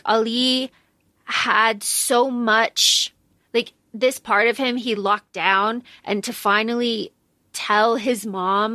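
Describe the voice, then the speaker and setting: A woman's voice: on the high side, sharp tone, no room sound. A woman co-hosting a podcast, talking over a book in a loose, chatty way, full of "like" and casual swearing. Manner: chatty, lots of "like", swears freely. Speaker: podcast co-host.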